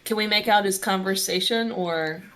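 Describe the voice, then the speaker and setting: Woman, tabletop player, easygoing, casual, describing actions, mid pitch. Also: normal speed, a bit bright. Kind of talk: casual tabletop game chat.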